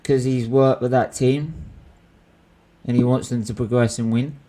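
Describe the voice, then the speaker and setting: Hosting a casual live football watchalong, a young man reacts to the match excitedly, swearing freely and calling his friend "bruv" a lot. His voice is mid-range and he talks a little slowly.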